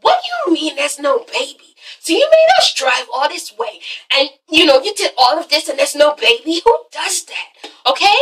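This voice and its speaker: A woman mimicking a shrill, indignant woman. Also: sing-song, racing, hardly any pauses, bright, forceful tone, recorded from a distance, exaggerated voice. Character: indignant, exasperated adult woman.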